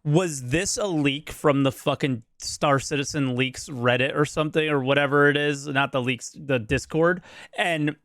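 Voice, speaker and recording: A man with a slightly raised voice makes blunt, excitable comments as co-host. The recording is dry and close. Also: on the high side, normal speed, no echo. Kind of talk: casual chat.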